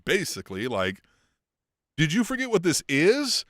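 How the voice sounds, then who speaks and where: A man co-hosting a casual wrestling podcast, talking in a profane, animated way and laughing often as he goes. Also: fairly high pitch, brisk, dry recording, clean studio sound. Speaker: podcast co-host.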